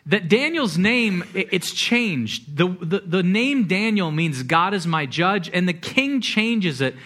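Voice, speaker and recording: A male pastor with a fairly high voice delivers a lively sermon to his congregation. He stumbles and repeats words in spots and slips into quick acted-out voices for the people in his story. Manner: animated preaching with repeated words and quoted asides.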